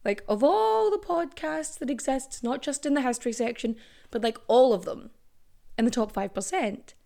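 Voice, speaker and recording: A young woman hosting a history podcast in casual, animated chat, swearing freely. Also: high-pitched, moderate pace, gravelly. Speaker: podcast host.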